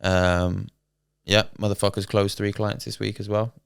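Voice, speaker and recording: Laid-back young man, smooth voice. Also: lowish voice, flat delivery, normal speed, no echo, clean studio sound. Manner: laid-back banter, swears and laughs often. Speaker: podcast co-host. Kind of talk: casual chat.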